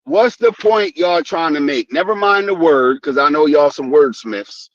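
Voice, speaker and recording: A man's voice: fairly high pitch, a little slow, no echo, highs cut off. A man hosting a live discussion, stammering and calling the panel to order. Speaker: host, moderator.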